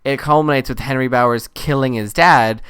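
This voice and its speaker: Smooth-voiced male podcast co-host. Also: medium pitch, a little fast, dry recording, studio quality. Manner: storytelling, animated retelling. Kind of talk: casual chat, film review.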